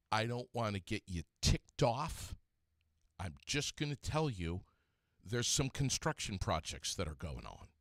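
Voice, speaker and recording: A man's voice: lowish voice, fairly bright tone, no room sound, clean studio sound. A man hosting a local radio show, reading ads and road news in an emphatic way, repeating words for effect. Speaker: radio host. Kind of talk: local radio chat with ad reads.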